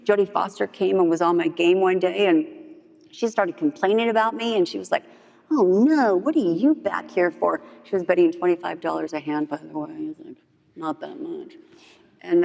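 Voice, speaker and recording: Middle-aged woman, gravelly, lively storyteller at a meeting, hall reverb. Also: low-pitched, highs cut off. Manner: animated storytelling, acts out quotes. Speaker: speaker at a recovery meeting. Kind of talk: personal story told to a group.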